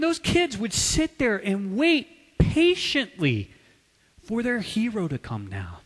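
A man preaching a sermon, swinging from loud, urgent passages to hushed, quiet asides. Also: fairly high pitch, husky, in a large hall. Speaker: pastor.

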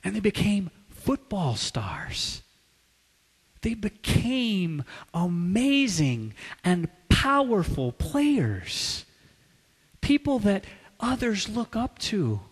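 A man preaching a sermon, swinging from loud, urgent passages to hushed, quiet asides. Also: high-pitched, wildly swooping pitch, extremely slow, breathy edge, in a large hall. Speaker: pastor.

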